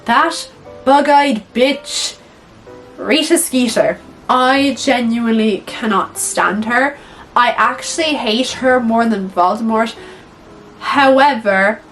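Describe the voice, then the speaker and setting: A young woman chatting casually in her video, animated and blunt, swearing freely and saying "like" a lot. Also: on the high side, poor audio. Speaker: YouTuber. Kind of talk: casual movie-ranking chat.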